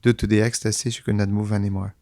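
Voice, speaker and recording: A man retelling a devotional story in short halting phrases, often restarting. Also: lowish voice, level tone, darkish tone. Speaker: speaker at a devotional class in English. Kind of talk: retelling a sacred story in English.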